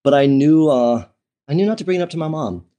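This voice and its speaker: As an interview guest, a man with a slightly high, warm voice tells a personal story quickly and with lively intonation. He is chatty and candid, full of fillers and restarts, and laughs often; the recording's highs are cut off.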